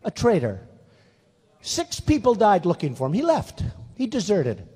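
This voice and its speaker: His high voice swoops wildly in pitch, mellow with a breathy edge and a little slow. He's a political candidate in his sixties giving a rambling, boastful, repetitive rally speech, captured with the long reverb of a large hall.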